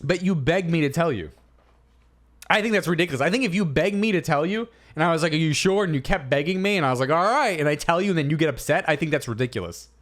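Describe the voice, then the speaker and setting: A man co-hosting a comedy podcast, reading a listener's post aloud and then arguing his side in a playful, animated way. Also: a little high, quick pace. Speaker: podcast co-host.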